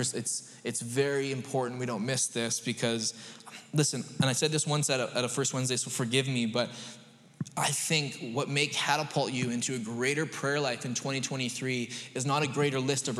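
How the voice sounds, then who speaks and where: A man preaching a sermon as a pastor, conversational and animated, rising to emphatic peaks. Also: medium pitch. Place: church sanctuary. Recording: long reverb of a large hall.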